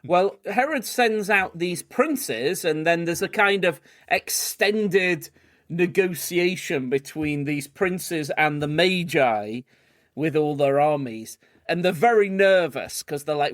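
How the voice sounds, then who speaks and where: Higher-voiced man reading scripture aloud. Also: slow, no echo, clean studio sound. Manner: reads passages aloud in a lively way. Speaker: podcast co-host. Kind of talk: casual discussion with scripture reading.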